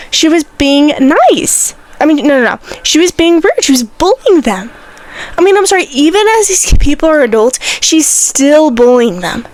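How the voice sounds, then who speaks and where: High-voiced young woman, indignant podcast chat. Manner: animated and indignant, lots of "like" and "I'm sorry". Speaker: podcast host. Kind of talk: casual solo podcast chat.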